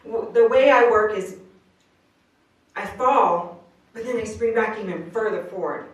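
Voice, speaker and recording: In a roomy, distant live recording, a woman with a medium-pitched voice speaks at a measured pace. She's a motivational speaker giving an earnest inspirational talk, sharing her own story in casual slang.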